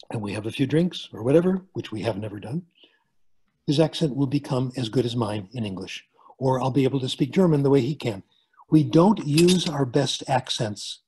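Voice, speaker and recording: Older male professor on a webinar: husky, conversational, fond of jokes and everyday examples. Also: mid-range voice, mellow. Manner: chatty, joking asides, plain examples. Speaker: guest speaker, linguistics professor. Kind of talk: webinar lecture answering questions. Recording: video call.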